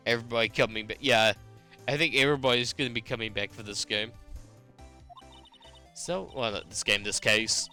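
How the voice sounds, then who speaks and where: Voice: mid-range voice, normal speed, long pauses, sharp tone, faint music behind. A young adult streamer with a New Zealand accent, chatting with a giggly, rambling manner while reading game text aloud. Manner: giggly, rambling and self-mocking.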